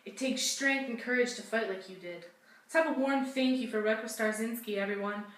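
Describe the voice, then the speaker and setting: For a school project, a young woman role-plays a talk-show hostess, interviewing guests in a gushing, sympathetic manner. Her voice is a little high and brisk, close to how she'd normally sound, recorded on a distant mic in an echoey room with a faint hum.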